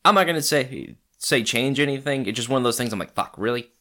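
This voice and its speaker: A man talks in a bright, lively voice that rises and falls a lot. He swears freely and laughs often in loose podcast chat. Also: medium pitch, quick pace. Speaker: podcast co-host. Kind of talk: casual chat.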